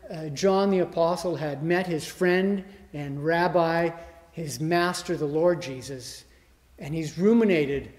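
A man preaching a sermon expressively, swinging from loud emphasis to hushed, almost whispered lines. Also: high-pitched, long reverb tail. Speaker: pastor.

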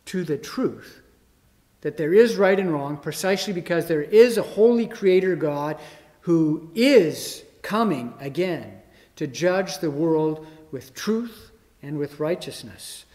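Male preacher, emphatic, slightly higher voice, recorded in a reverberant church hall. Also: darkish tone. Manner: rising emphasis, dramatic quoted mockery. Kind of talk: sermon.

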